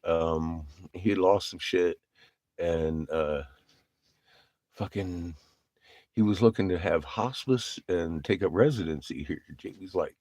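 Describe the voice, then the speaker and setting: Low-voiced man telling a rambling story. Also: takes it slowly, a little mellow, no echo. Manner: rambling, profane, laughs often. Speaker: vlogger. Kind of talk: casual storytelling to camera.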